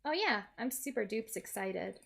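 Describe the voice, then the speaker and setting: A woman's voice: on the high side, moderate pace, vocal fry. A woman voicing a sarcastic, wisecracking young woman held hostage in a game. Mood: wry. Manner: sarcastic, wry.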